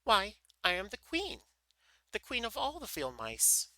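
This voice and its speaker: Tiny regal mouse queen with a squeaky high voice, haughty, very bright, a man doing it. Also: lively intonation, normal speed, no room sound, heavily acted, rough recording. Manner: indignant, regal.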